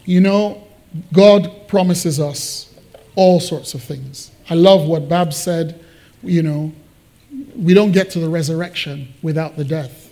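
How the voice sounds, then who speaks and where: A man preaching a sermon, explaining Bible verses and acting out the quotes with lively swings in his voice. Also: slow pace. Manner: animated, acts out Bible quotes with big pitch swings. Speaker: pastor. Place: church hall.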